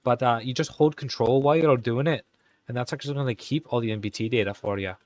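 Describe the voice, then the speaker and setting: A man hosting a live stream, talking casually and halting as he types commands. He mutters to himself and corrects himself, all in an exaggerated put-on Irish accent. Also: medium pitch, a little mellow. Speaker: live-stream host coding game commands. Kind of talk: casual live-stream commentary while typing.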